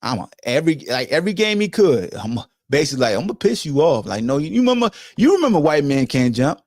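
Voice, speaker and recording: A man's voice: fairly high pitch, quick pace, dry recording, studio quality. A middle-aged man hosting a podcast, telling football stories in a blunt, profane, emphatic way. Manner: animated, profane, emphatic storytelling. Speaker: podcast host, former football player. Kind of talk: casual monologue to a co-host.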